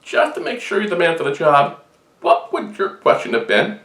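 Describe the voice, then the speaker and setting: A man's voice: fairly high pitch, wildly swooping pitch, moderate pace, fairly bright tone, far from the mic, pitched above the performer's own voice, heavily acted. A man voicing a scheming medieval king who sets a test, quoted as part of a told joke. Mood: stern. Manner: storyteller quoting a character. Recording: roomy echo.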